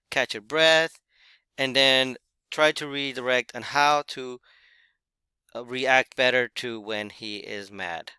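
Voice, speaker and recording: A man giving a recorded class presentation, explaining in a measured way with occasional fillers. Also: mid-range voice, sharp tone, smooth, dry recording.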